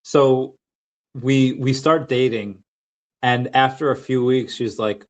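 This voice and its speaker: Man, 30s, podcast host; rambling casual storyteller; average pitch, muffled lo-fi audio. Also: steady tone, slow pace. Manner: rambling, lots of fillers and restarts.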